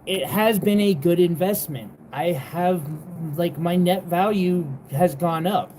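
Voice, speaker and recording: Slow-talking, exasperated jewelry seller. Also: medium pitch, darkish tone, slight background noise. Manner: rambling and exasperated, swears, many fillers. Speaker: jewelry seller hosting a live sale. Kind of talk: casual livestream chat.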